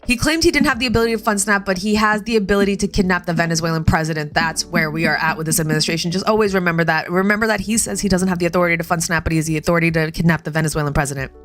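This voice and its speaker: A woman hosts a casual political livestream from home, her voice sitting a little low. She talks in heated, fast bursts and swears freely. Faint music plays behind her. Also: steady tone, a bit bright. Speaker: livestream host. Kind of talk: casual political commentary stream.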